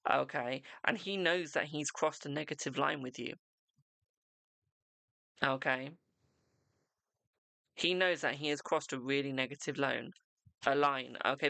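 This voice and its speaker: Gravelly bright-voiced man reading tarot. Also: fairly high pitch, no echo. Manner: reassuring, repetitive, keeps saying "okay" and "my darling". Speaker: tarot reader and live stream host. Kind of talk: live-streamed tarot reading.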